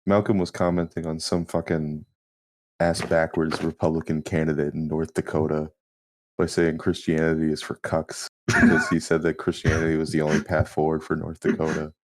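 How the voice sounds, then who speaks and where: A man's voice: a bass voice, completely flat delivery, moderate pace. A young man co-hosting a podcast in casual chat, throwing in dry, sardonic quips. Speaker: podcast co-host.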